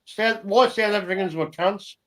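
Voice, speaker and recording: A man's voice: high-pitched, normal speed, over a noisy crowd, poor audio. A middle-aged Australian man hosting a live stream chat, blunt and sweary, tagging "right?" and "mate" onto his sentences. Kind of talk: casual chat.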